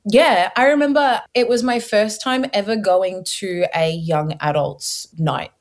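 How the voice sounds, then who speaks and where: A young woman, telling her personal faith story as an interview guest, lively and casual with many fillers, acting out her own past words. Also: lowish voice. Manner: animated storyteller, acts out her past self in quotes; casual filler-heavy speech. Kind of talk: personal testimony in conversation.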